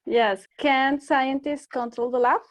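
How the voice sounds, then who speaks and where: Female student, higher voice, slow careful phrasing. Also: fairly even intonation. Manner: hesitant, careful learner. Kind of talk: classroom practice dialogue.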